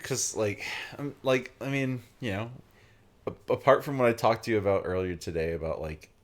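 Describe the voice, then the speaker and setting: A man's voice: lowish voice, moderate pace. A young man from Virginia hosting a let's play, chatting casually and rambling with lots of "like" and "um". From Virginia, USA. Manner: rambling, full of "like" and "um". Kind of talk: casual chat while playing a game.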